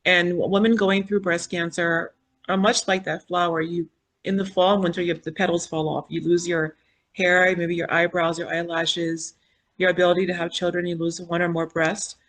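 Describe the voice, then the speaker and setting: A woman in her fifties speaks as a podcast guest, telling her story with animated energy. She acts out quoted dialogue and her own inner thoughts, and her tone is earnest and spiritual. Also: fairly low pitch, normal speed. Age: 50s. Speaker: podcast guest, foundation founder. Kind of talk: personal storytelling in an interview.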